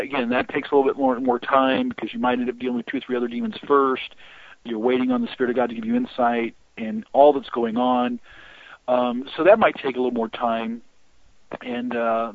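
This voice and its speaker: Gravelly man on a tinny phone line. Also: medium pitch, dry recording. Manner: rambling, halting with many restarts. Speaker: guest on deliverance ministry. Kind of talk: storytelling interview talk.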